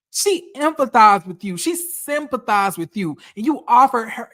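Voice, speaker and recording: A woman's voice: on the high side, a bit bright. A woman giving casual, profane reality TV commentary, blunt and repeating phrases for emphasis.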